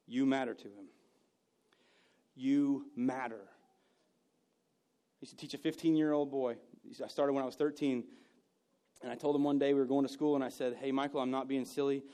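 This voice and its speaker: A man preaching a sermon, telling personal stories and moving between loud bursts and hushed moments. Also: mid-range voice. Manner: storytelling, swings from loud to hushed. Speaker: pastor.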